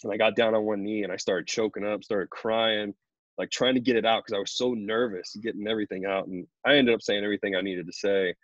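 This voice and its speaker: Low-voiced guy rambling through a story, dry slightly dull sound. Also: fast, no echo. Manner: relaxed, rambling storyteller with many fillers. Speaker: pro baseball pitcher, interview guest. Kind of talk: casual interview chat.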